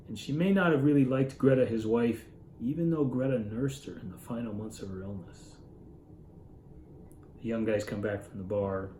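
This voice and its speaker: A man's voice: mid-range voice, dark tone, echoey room, a little hiss or hum, rough recording. Musing man retelling a story. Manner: earnest, musing, with self-corrections. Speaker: literature reader explaining a story. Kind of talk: informal story summary and commentary.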